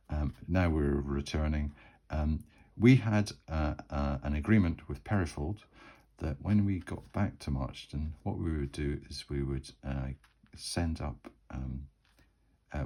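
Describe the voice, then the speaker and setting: A man's voice: a bass voice, darkish tone, low-quality recording. A man narrating his solo tabletop role-playing game in a rambling, chatty way. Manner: rambling, many fillers and restarts.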